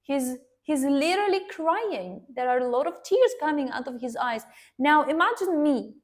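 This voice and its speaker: A woman earnestly recounting a personal story to her viewers, addressing them directly and pausing to restart her sentences. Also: high voice, animated. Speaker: vlogger sharing a personal story.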